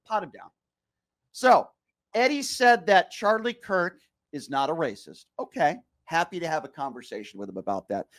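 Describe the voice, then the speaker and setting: A man's voice: on the high side, very animated, normal speed, a bit bright. A male radio host arguing with a caller on a call-in show, combative and sarcastic, often interrupting. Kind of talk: heated call-in radio debate.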